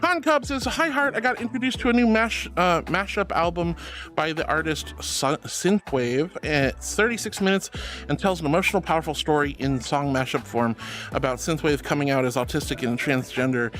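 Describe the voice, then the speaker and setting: Sweet giggly woman streamer reading chat and gushing over viewers, soft music behind. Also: low-pitched, normal speed.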